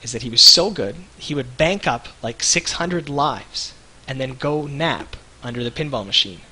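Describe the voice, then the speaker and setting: A man in his thirties, co-hosting a livestream, telling rambling animated stories with lots of restarts. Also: mid-range voice, moderate pace, breathy edge, poor audio. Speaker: web show co-host. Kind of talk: casual livestream chat.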